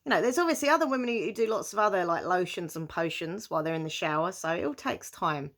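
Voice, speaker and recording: A woman's voice: lowish voice, lively intonation, quick pace. A young British woman chatting casually to camera as she answers viewer questions, giggling often and speaking with many fillers. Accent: British English.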